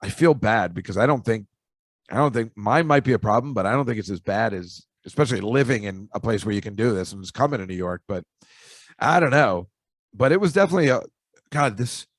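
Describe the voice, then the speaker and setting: A man's voice: medium pitch, no echo. Chatty man rambling in a dry room. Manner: rambling, chatty, jokey asides. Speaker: podcast host. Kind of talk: casual storytelling monologue.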